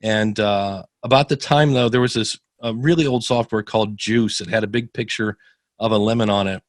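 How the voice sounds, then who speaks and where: A man from Ohio being interviewed as a guest, telling stories with animated, acted-out quotes and frequent restarts. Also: on the low side, moderate pace, dry recording, clean studio sound. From Ohio, USA. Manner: animated, acts out quoted dialogue, many restarts. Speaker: podcast consultant guest. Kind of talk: casual interview storytelling.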